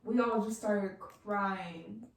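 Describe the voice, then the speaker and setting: Young woman, relaxed casual chat, heard from across the room, faint hiss. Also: mid-range voice, takes it slowly, vocal fry. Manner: relaxed, slang-laced. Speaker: family member guest. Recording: distant, very echoey, faint hiss.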